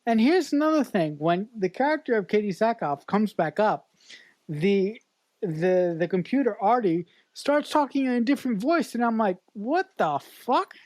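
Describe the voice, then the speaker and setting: A woman talking over a film on a podcast, blunt and exasperated, swearing freely as she lays out what went wrong. Her voice sits at a middling pitch and sounds close and dry, with no room around it. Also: lively intonation, normal speed, a little mellow, dry recording. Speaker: podcast co-host. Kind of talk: casual film review chat.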